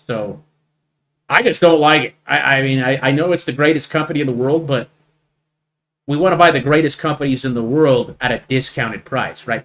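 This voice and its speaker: A man's voice: medium pitch, a bit bright. A man hosting a live market stream, talking over charts in an emphatic, repetitive way and checking in with "right?" constantly. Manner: emphatic, repeats points, asks "right?" often. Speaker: trading stream host.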